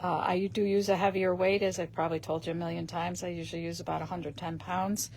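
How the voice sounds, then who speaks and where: A woman hosting a live stream, chatting casually as she shows paper craft pieces and often clears her throat. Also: on the low side, flat delivery, quick pace, darkish tone, slight background noise.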